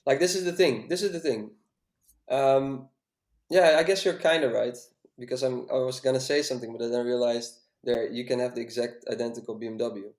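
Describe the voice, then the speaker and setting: A man's voice: medium pitch, a little fast, a little mellow, echoey room. A man chatting casually on a podcast as a music coach, hesitant and full of fillers.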